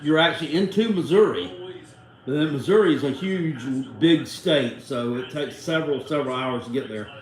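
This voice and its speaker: A man's voice: fairly high pitch, reverberant, slight background noise, low-quality recording. A middle-aged man, hosting a live watchalong stream in a casual, rambling way and cussing freely. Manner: rambling, salty, cusses freely. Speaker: livestream host.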